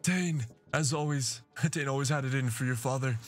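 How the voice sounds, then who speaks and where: Gruff, theatrical dwarves from a fantasy video game, an angry clan chief and a worried old grandfather, as a man reads them aloud. The voice sits at an even middle pitch, with faint music underneath. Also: normal speed, lightly acted.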